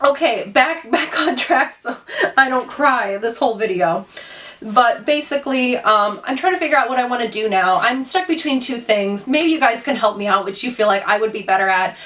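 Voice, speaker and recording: A woman's voice: a little high, animated, moderate pace, pushed and bright, distant mic. A woman in her twenties, a beauty vlogger chatting candidly while doing her makeup, full of "like" fillers and hard on herself. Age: 20s. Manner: chatty, lots of "like" fillers, candid and self-critical.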